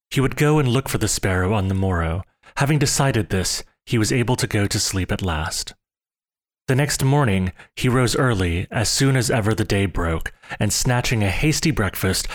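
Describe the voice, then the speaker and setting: A man narrating a storybook in a steady, expressive read-aloud. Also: lowish voice. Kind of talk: storybook reading.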